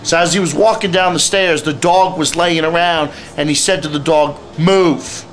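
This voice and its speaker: A man's voice: fairly high pitch, fairly even intonation, moderate pace, fairly bright tone, slight background noise. A man who is a youth speaker and life coach, giving teens blunt, lecturing advice in a direct monologue.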